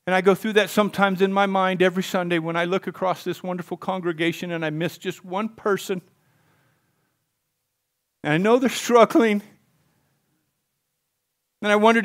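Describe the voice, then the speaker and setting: A middle-aged male pastor preaching a sermon in a church, swinging from hushed to loud. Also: sits high, fairly even intonation, moderate pace, pauses often. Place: church sanctuary.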